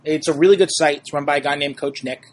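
A young man from New York hosts a casual sports podcast with a husky, slightly raised voice. He talks in a chatty, upbeat way, tossing in self-deprecating asides. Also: on the high side, steady tone, fast talker. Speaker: podcast host.

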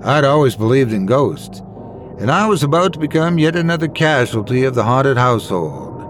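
Expressive male horror storyteller. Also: mid-range voice, moderate pace, faint music behind. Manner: dramatic, expressive.

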